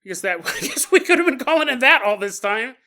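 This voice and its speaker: A man's voice: very high voice, sing-song, quick pace, sharp tone. A man hosting a podcast, telling a story with jokes and frequent laughter. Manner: jokey, laughs often. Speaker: podcast host. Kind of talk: comedic storytelling.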